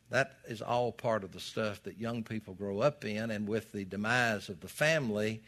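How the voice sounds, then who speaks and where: A man's voice: fairly low pitch, fairly bright tone. Man, older, pastor, folksy storytelling sermon. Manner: folksy, storytelling preacher with dramatic rises.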